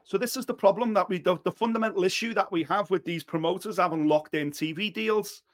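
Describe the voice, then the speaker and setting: A man with a fairly high voice talks boxing in a blunt, animated way, swearing freely. He carries the conversation as a co-host, mixing complaints with ideas of his own. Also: brisk. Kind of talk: casual chat.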